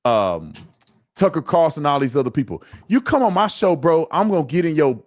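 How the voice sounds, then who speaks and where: A man's voice: a little high, sing-song, a little fast, a little mellow. A man talking combatively on a show, repeating taunts at someone he plans to confront.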